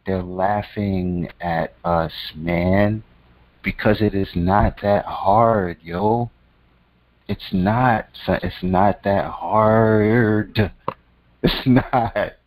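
Hosting his own channel, a man gives casual advice that's slangy, emphatic, profane, repetitive and preachy, calling the listener "son." His lowish voice is very slow with fairly even intonation, on a low-quality recording.

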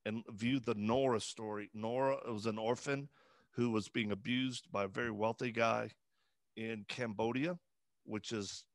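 A man telling his story as an interview guest, earnest and halting, with many fillers and restarts. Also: mid-range voice, vocal fry, dry recording. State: emotional, voice breaking at times. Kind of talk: conversational interview.

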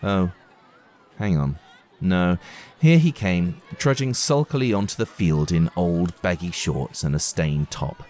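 A man's voice: deep voice, a little slow. A man reading a children's book aloud expressively and reviewing it. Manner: expressive, animated. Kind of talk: storybook read-aloud.

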